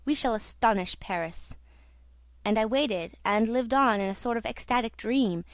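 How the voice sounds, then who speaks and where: A woman reading the part of an earnest young female opera singer in an audiobook, in a soft confiding tone. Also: a little high, normal speed, no echo, lightly acted.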